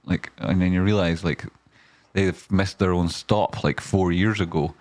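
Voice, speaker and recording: A man's voice: deep voice, moderate pace, a little mellow, dry recording. A man, commenting on stocks in a rambling, casual way with lots of fillers, breaking into sweary rants. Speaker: stock market streamer.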